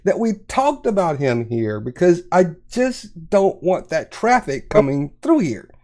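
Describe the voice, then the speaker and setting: A man hosts a live stream and cuts in firmly to steer the conversation. His voice is a little high but mellow and dark in tone. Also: very animated, unhurried. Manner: firm, cuts in to steer the talk. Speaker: host. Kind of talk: casual chat.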